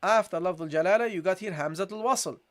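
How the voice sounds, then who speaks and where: Brief: male recitation teacher, patient step-by-step tajweed lesson, stretches syllables when modeling, calls his students "guys". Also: high-pitched. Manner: explains step by step, drawing out syllables slowly as models; often says "okay" and addresses listeners as "guys".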